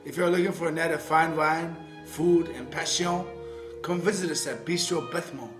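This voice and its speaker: A man playing a suave French bistro chef with a put-on French accent, giving a radio ad in a smooth, drawn-out way. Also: a little high, steady tone, echoey room, music in the background, close to an everyday voice. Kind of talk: comedy radio ad.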